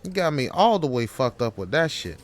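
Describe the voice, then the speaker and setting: A man's voice: mid-range voice, animated, normal speed, voice pushed up, natural voice. A man voicing a worn-out office clerk who pleads with his boss and then snaps back defiantly. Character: overworked male office clerk pushed to anger.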